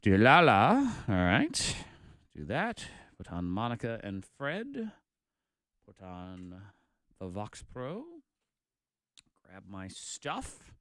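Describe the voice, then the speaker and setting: A middle-aged man hosting a morning radio show, talking in an animated, emphatic way and running the board as he goes. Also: on the low side, takes it slowly, pauses often, no echo, clean studio sound. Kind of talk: casual radio banter. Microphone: studio microphone.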